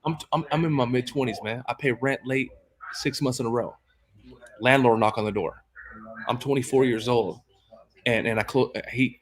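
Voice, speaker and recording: A man in his thirties, a podcast guest, telling his life story in a fast, emphatic, profane way. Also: mid-range voice. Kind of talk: casual storytelling.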